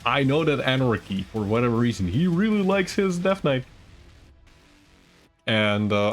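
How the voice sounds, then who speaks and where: A man doing casual live esports commentary, chatty and rambling, teasing the chat between plays. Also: fairly low pitch.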